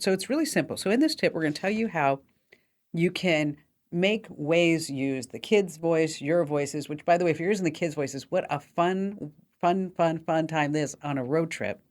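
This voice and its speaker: A woman's voice: sits low, a little mellow. Chatty, upbeat woman radio host. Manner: chatty, upbeat, many fillers. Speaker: radio tech show host. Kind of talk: casual call-in radio talk.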